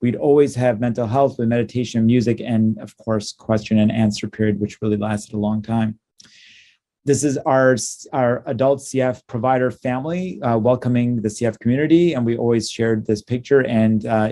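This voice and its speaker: Male clinician presenter, mellow voice, hesitant delivery with frequent fillers, conference talk. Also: mid-range voice, fairly even intonation. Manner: halting, many ums and uhs, warm and upbeat.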